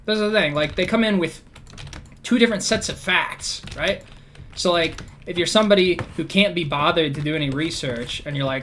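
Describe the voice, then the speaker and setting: A man's voice: fairly high pitch, normal speed, a bit bright, slight background noise. A man ranting in a casual, rambling way, swearing often and full of sarcasm. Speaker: vlogger. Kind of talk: casual rant.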